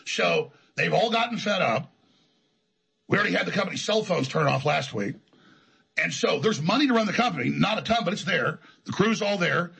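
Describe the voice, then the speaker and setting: A man's voice: sits high, lively intonation, fairly quick, gravelly, bright, forceful tone, breathy edge, rough recording. A man telling his story as an interview guest, in an emphatic, defiant, rambling way. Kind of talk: heated conversational storytelling.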